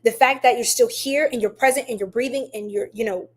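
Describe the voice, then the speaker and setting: A woman's voice: a little high, brisk, husky. A woman hosting a livestream tarot reading, chatting affectionately with viewers and reading their comments aloud. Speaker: tarot reader livestream host.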